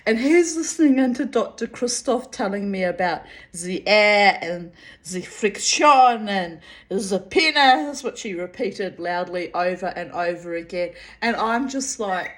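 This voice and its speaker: Woman, casual storytelling, giggly, candid, swears freely. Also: mid-range voice. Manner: giggly, breaks into laughter often, candid and profane. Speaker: storyteller reading her own diary.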